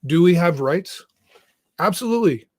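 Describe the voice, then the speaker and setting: Earnest man hosting, halting monologue. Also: sits high, animated, darkish tone, no room sound, clean studio sound. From Canada. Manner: earnest, halting, with frequent restarts. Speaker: talk show host. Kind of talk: heartfelt monologue to viewers. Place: church.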